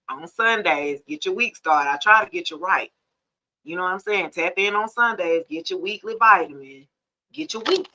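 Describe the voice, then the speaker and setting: Chatty woman live-streaming. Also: medium pitch. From Georgia, US. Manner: chatty and animated, addresses viewers as y'all, laughs often. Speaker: tarot reader and live-stream host. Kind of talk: casual live-stream chat. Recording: somewhat dull lo-fi live-stream audio.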